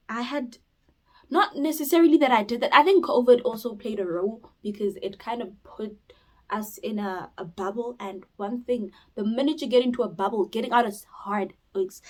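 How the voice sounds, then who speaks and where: Young woman from south africa just chatting to camera, bit high pitched, rambly, gets loud then whispery. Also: low-quality recording. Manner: rambling and expressive, with sudden loud bursts and whispered asides. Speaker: YouTuber. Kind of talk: casual chat.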